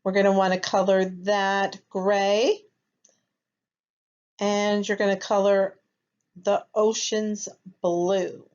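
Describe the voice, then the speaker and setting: A woman's voice: medium pitch, a little mellow. A woman teaching a first grade lesson, speaking patiently and checking in with her young students. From United States. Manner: patient, slow, checks in with "okay?". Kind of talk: recorded classroom lesson. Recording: slightly dull lo-fi recording.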